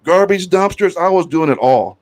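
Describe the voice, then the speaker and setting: Profane, animated male podcast host. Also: high voice, moderate pace. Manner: animated, profane, laughing storyteller. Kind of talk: casual storytelling chat.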